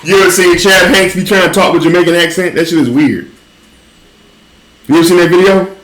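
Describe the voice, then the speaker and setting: A man with a Southern accent hosting a casual chat, telling an animated, profane story and laughing often. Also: sits high, fairly quick. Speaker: podcast host. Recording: roomy echo.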